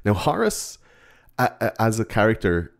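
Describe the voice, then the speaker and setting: Low-voiced man, casual movie chat. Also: huge pitch swings, moderate pace, gravelly. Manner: profane, acts out quotes in silly voices.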